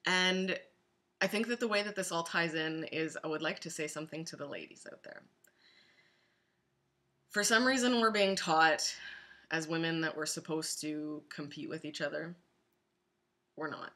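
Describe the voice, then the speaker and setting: A woman's voice: deep voice, bright, forceful tone. A middle-aged woman talking earnestly and directly to women listeners in a casual spoken blog post. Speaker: vlogger.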